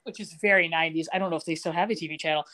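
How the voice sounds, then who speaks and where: A woman's voice: steady tone, very fast, fairly bright tone. Woman animatedly retelling a TV plot. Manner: acts out characters' lines with shifting pitch, laughs often. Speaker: podcast co-host recapping a TV episode.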